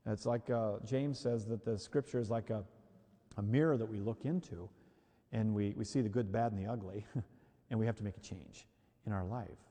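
A man preaching a sermon in an emphatic, animated way, repeating key phrases for the congregation. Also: medium pitch. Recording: long hall reverb.

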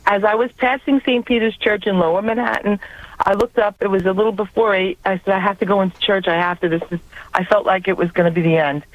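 A woman with a New York accent calling in to tell a personal faith story in an earnest, quick, conversational way. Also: mid-range voice, steady tone, dry recording. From Long Island, New York. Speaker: caller. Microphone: telephone. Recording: tinny phone line.

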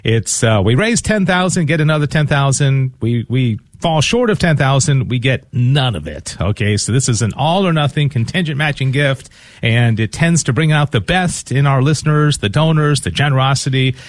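Male radio fundraiser host, earnest and upbeat, dry close mic, mid-pitched. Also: animated, normal speed, no echo. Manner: earnest and upbeat, with frequent fillers and restarts. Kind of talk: live Catholic radio fundraising talk.

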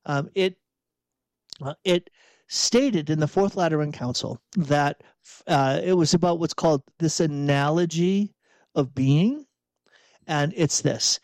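A man's voice: on the high side, slow pace, darkish tone, dry recording. Man in reflective spiritual talk, dry sound. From outside Boston, USA. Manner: conversational, repeats and restarts phrases, rhetorical asides. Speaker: podcast host and executive coach.

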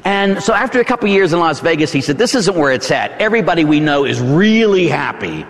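A man's voice: a little high, very animated, fast talker. A man, a Catholic priest from Pittsburgh with a Pittsburgh accent, preaching a sermon in a chatty way with frequent tag questions. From Pittsburgh, United States. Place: church. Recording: long hall reverb.

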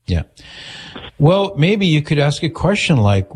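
A man's voice: on the high side, big pitch swings, a little slow, long pauses, husky. A man hosting an advice call-in talk, direct and earnest, acting out the questions he suggests. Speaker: radio host giving advice.

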